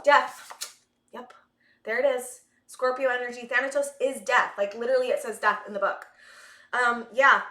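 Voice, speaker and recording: A breathless woman reads tarot cards for her viewers, her voice bright and a little high. She rambles and hunts for words, sighing between thoughts. The room around her rings with echo. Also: level tone, moderate pace. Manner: rambling, searching for words, many fillers and sighs. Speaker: tarot reader. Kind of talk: collective tarot reading to camera.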